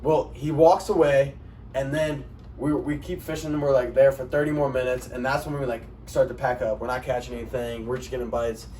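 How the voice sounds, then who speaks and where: A man's voice: medium pitch, fairly even intonation, a little fast, darkish tone. A young man co-hosting a podcast, telling a story in a laid-back way with "you know" and "like" fillers. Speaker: podcast co-host. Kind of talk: casual chat and storytelling. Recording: distant mic with faint noise.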